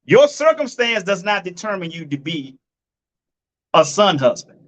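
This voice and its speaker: A man's voice: high-pitched, sing-song, unhurried, fairly bright tone. A man giving blunt, profane relationship commentary, repeating his points and calling his listeners folks and family.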